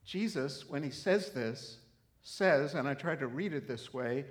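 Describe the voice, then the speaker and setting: A middle-aged man preaching a sermon, telling a story earnestly and then rising into emphatic, animated preaching. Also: medium pitch, moderate pace, gravelly. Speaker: pastor.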